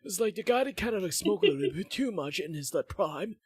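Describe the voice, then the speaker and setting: A man's voice: high-pitched, lively intonation, fairly quick, a little mellow, pitched above the performer's own voice, exaggerated voice. A man putting on the voice of a wheezy, out-of-breath old man who smoked too much. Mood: croaky. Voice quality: strained, breathy.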